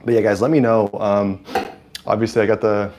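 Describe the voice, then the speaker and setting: A man's voice: lowish voice, little pitch movement, a little fast, background noise. A man from California hosting a casual live stream with a lapel mic, chatting with viewers and calling the plays, with lots of fillers. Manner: chatty, hesitant with many fillers, hyped at plays. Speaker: livestream host. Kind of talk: casual live-stream chat and game commentary.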